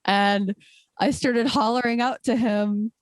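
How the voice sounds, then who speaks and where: A woman's voice: on the high side, steady tone, slow, no echo. A woman guest, a trail ultrarunner, talking candidly and emphatically in a casual interview, with many fillers.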